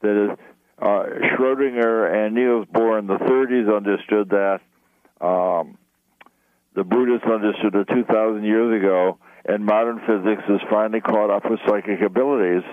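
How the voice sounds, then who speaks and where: A man's voice: lowish voice, steady tone, moderate pace, no echo. A man, a radio guest, explaining things earnestly and with enthusiasm over the phone. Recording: tinny phone line.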